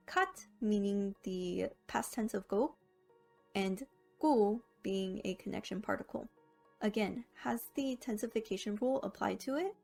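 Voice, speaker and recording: A woman narrating a scripted language lesson, explaining rules clearly and slowing down to sound out each example word. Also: medium pitch, a little mellow. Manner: clear, careful explanation with slow, drawn-out example words. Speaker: language teacher.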